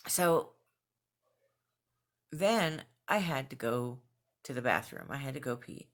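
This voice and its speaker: Young female vlogger, casual home diary, chatty and animated. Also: extremely low pitch, takes it slowly. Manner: chatty, animated when quoting herself, laughs between phrases. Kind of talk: casual video journal storytelling. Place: at home with her cat nearby.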